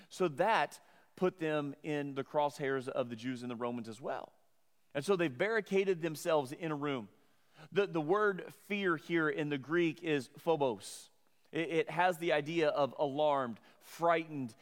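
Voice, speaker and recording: A man's voice: a little high, in a large hall. A middle-aged man preaching a sermon, earnest and conversational, often restarting his words. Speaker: pastor.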